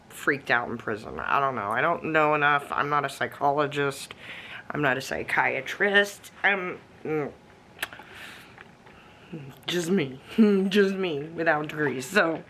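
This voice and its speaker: A woman vlogger with a low-pitched, fairly bright voice talks casually to her viewers, with a little hiss or hum in the audio. She rambles with fillers and restarts, snacking, sipping coffee, and swearing now and then in this talking-head vlog.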